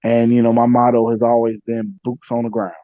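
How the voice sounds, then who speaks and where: A man recounts his community work as a podcast guest. He sounds dark and mellow and drifts easily, full of "you know" and restarts. The audio is dry and slightly dull. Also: medium pitch, little pitch movement, a little fast, no echo. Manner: conversational, many fillers and self-repeats. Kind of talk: casual storytelling interview.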